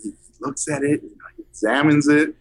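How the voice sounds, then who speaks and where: Animated man telling a story. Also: fairly high pitch, fairly quick. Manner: animated, acts out quoted voices. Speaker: film director guest. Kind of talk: anecdotal storytelling.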